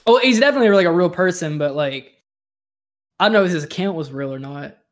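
A man's voice: sits high, expressive, quick pace. Tipsy rambling man, giggly. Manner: rambling, heavy "like" filler, giggly. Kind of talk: casual chat among friends.

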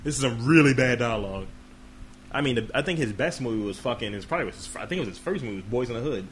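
A man's voice: mid-range voice, racing, a little hiss or hum. A man hosting a podcast in casual comedic chat, swearing freely and acting out quoted voices. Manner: profane, animated, acts out quotes. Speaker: podcast host.

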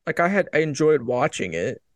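A man's voice: on the high side, very animated, fairly quick, no echo, studio quality. A man chatting casually about sports, rambling and restarting his sentences with emphatic bursts.

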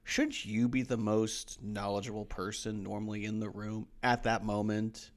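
A man's voice: lowish voice, little pitch movement, moderate pace. A man co-hosting a casual rewatch podcast, rambling and laughing as he retells scenes. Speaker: podcast co-host.

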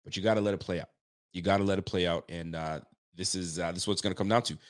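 Low-voiced man hosting sports talk. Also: fairly even intonation, rapid-fire, no echo, clean studio sound. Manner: conversational, repeats phrases for emphasis. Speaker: sports talk show host. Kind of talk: casual live-stream football talk.

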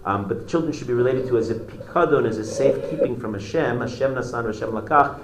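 A man teaching a religious class, retelling a story in a halting way with many restarts. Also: medium pitch, reverberant, very noisy.

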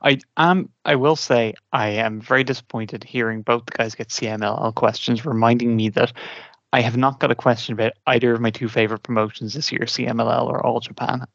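A man's voice: medium pitch, steady tone, fairly quick, gravelly, fairly bright tone, dry recording, lo-fi sound. A man on a trivia podcast, chatting casually and hesitating, groaning and making fun of himself. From Ireland. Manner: self-deprecating, groaning, hesitant with many ums. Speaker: quiz contestant.

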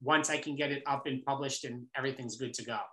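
Guest author with a New York accent, bright and emphatic, in a roomy echo. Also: male voice, medium pitch, fast. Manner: energetic, preachy, emphatic. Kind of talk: motivational interview talk.

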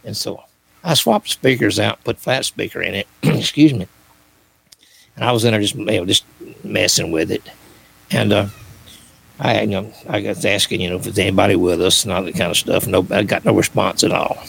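A man's voice: fairly low pitch, steady tone, moderate pace, vocal fry, fairly bright tone, slightly rough, poor audio. An older man, a paranormal researcher, rambling through personal stories with many fillers and restarts. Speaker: guest, author and paranormal researcher. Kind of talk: casual storytelling.

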